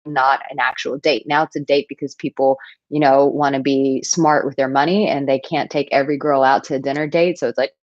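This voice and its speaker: Casting note: woman, 30s, dating coach, low and lively, dry muffled sound. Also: a little fast, dry recording. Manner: animated storytelling, playful asides. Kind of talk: casual advice talk to camera.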